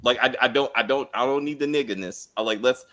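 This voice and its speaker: A man's voice: medium pitch, fast, pushed and bright. A man co-hosting a spoiler review of a TV show, ranting in exasperated, profane casual chat.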